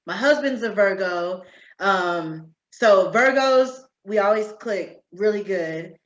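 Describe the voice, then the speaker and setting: Woman podcast cohost, animated and laughy, echoey room, kinda muffled lo-fi sound. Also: mid-range voice, slow pace. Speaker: podcast co-host. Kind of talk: casual chat.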